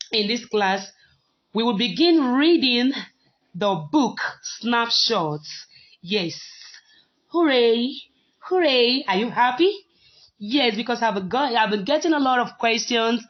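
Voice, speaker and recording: A woman teaching young children phonics, speaking slowly and patiently with a slightly high voice. She repeats each word so the class can copy it. The recording sounds dull and lo-fi. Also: lively intonation.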